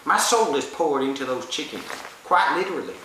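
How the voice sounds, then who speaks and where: A man's voice: a little high, very animated, a little fast, pushed and bright. A man playing a self-important farmer-turned-actor in a comedy sketch interview, with a drawling Southern US accent and a rambling way of talking. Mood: pompous. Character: pompous Southern hick farmer-actor, touchy middle-aged man. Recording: roomy echo, faint hiss.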